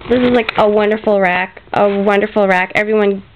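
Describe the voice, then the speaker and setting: A woman's voice: mid-range voice, fairly even intonation, a little fast, slight background noise. A woman from Canada showing off craft gifts in a casual vlog, gushing and grateful, chatty with lots of fillers, and close to tears. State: emotional, near tears. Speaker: craft vlogger. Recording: dull lo-fi home video audio.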